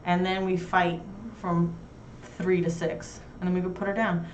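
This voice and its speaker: A woman's voice: fairly low pitch, little pitch movement, measured pace, dull audio, a little hiss or hum. A young woman hosting a casual talk show, chatting frankly with crude, self-mocking humor. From New York. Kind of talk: casual chat. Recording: roomy echo, heard from far off.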